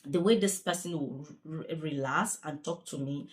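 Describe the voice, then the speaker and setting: Chatty woman, lower voice. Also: moderate pace. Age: young adult. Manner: chatty, repetitive, earnest. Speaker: care worker. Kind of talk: casual vlog chat.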